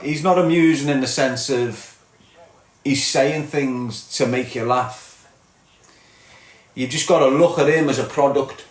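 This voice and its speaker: A middle-aged man with a Liverpool accent, ranting bluntly and mockingly at viewers on a live stream, tagging his lines with "lad" and "mate". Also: mid-range voice. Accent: Liverpool (Scouse). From Liverpool, England. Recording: roomy echo.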